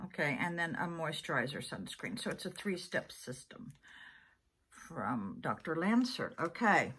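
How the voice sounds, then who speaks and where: A woman's voice: low-pitched, animated, normal speed, bright, forceful tone, slight background noise. A woman in her sixties chatting casually as she unboxes items, thinking aloud and laughing often. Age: 60s. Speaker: vlogger.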